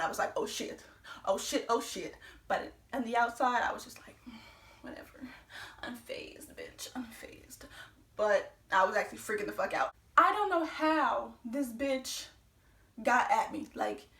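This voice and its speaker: A young woman with a high, bright-sounding voice tells a storytime vlog tale in an excitable, profane rush. She speeds up whenever she gets worked up. Her voice sits back from the mic, and the room gives it a roomy echo. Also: recorded from a distance. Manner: excitable, talks fast when worked up, heavy swearing. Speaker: vlogger telling a story.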